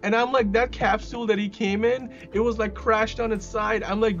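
A man with a slightly raised voice talks through a TV episode on a podcast. He rambles excitedly, piling up fillers and restarts as he goes. The recording sounds dull and lo-fi, with faint music underneath. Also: sits high, normal speed. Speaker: podcast host reviewing a TV episode. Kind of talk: casual conversational review.

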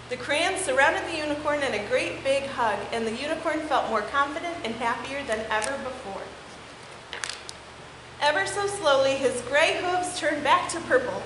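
A young woman reads aloud from a picture book and encourages the children while leading their time during a church service. She speaks in a high, expressive voice, a bit slowly, and the echoey sanctuary adds background noise.

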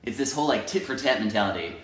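A man teacher talking in a personal confessional vlog, very expressive, jumping into high voices to act out his own thoughts and going soft and gentle for self-affirmations. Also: very fast, roomy sound. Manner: expressive, jumps into high acted inner voices; ends softly with self-affirmations. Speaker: teacher and video blogger.

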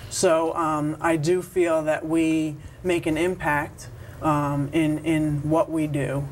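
A woman from New York who works as a truancy officer, answering interview questions in a measured way with many ums. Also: deep voice, little pitch movement, slight background noise. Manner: measured, many ums, slow careful phrasing. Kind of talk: interview guest.

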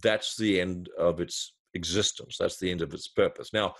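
Low-voiced man telling a marketing story. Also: normal speed. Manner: lively storyteller, builds examples step by step. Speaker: marketing consultant, guest. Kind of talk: explaining with a storytelling example.

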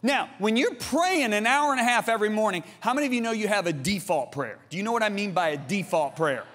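Talking fast over soft background music, an animated preacher in his sixties fills a large church hall with his high, ringing voice and its long reverb. His sermon tells his story, calls out to the congregation, and swings between loud appeals and near-whispers.

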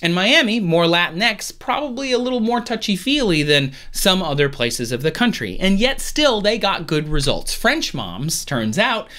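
Lively, playful male science host. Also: sits high, moderate pace, few pauses. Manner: playful, animated, jokey asides. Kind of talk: casual science explainer. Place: at home.

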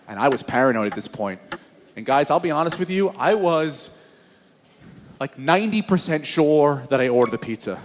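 A young adult man doing stand-up, telling his story in an animated, exasperated way. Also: on the high side, normal speed. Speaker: stand-up comedian. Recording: live comedy club with crowd and noise.

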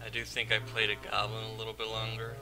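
A man's voice: on the low side, monotone, quick pace. A man casually commenting while playing a video game, rambling and joking as he goes. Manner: offhand, rambling, jokey. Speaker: gameplay video host. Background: game music.

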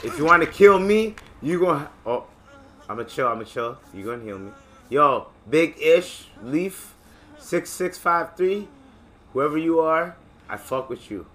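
Bright-voiced young man gaming. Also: fairly high pitch, unhurried. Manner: excitable, profane, joking. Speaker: gaming channel host. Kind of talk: casual gameplay commentary.

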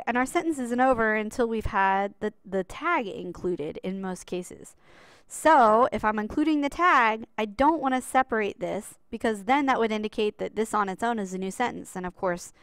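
Woman, teacher, patient explanatory lesson, smooth voice, mid pitch. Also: fairly bright tone, no echo. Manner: patient and explanatory, stresses key rules. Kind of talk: classroom writing lesson over slides.

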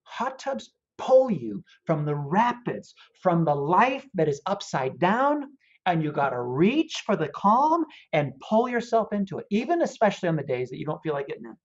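An animated man telling a story as an interview guest. His voice swoops up and down with plenty of energy, and he talks in an earnest, heartfelt way. The audio sounds dull and lo-fi. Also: high voice, moderate pace. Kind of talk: casual interview chat, storytelling.

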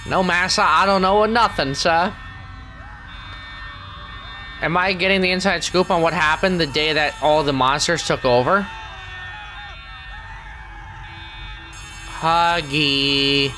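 Playing a game, a man voices a grumpy, weary middle-aged male squid for his let's play, grumbling sarcastically and dropping deadpan asides. His medium-pitched voice stays close to his everyday voice.

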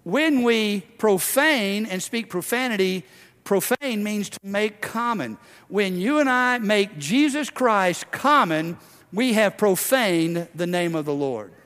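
Male pastor, impassioned sermon, loud then hushed, slightly high voice, long church reverb. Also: lively intonation, slow.

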